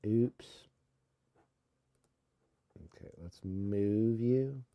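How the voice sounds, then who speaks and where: A man's voice: lowish voice, drawn-out words, no echo, highs cut off. A man hosting a live music-mixing stream, muttering to himself and poking fun at his own mistakes. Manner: mutters to himself, self-deprecating. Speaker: host mixing music on a livestream. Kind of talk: casual running commentary while working.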